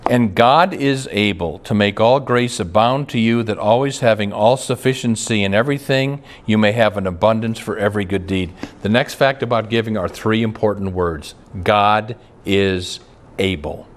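A pastor with a fairly low voice preaches a sermon at normal speed with hardly any pauses. He's folksy, telling stories and homespun jokes, and frequently stumbles and restarts.

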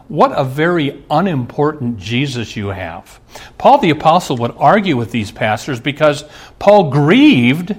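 A middle-aged male pastor preaching a sermon, earnest, asking the congregation rhetorical questions. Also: on the high side.

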